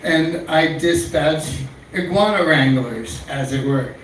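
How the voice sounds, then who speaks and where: Fairly high-voiced male comic, crude and rambling, heard from far off in a very echoey club room. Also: slow pace. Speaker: stand-up comic. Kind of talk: stand-up comedy set. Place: small comedy club stage. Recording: echoey room, far-off mic, faint noise.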